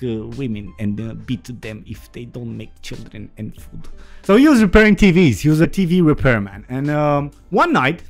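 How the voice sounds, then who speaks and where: A man in his thirties from Romania telling a family story in a casual, profane, animated way, often laughing. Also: mid-range voice.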